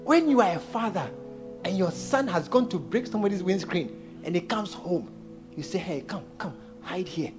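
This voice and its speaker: A man's voice: high voice, expressive, normal speed, over music. A man preaching a playful, storytelling sermon, laughing as he goes.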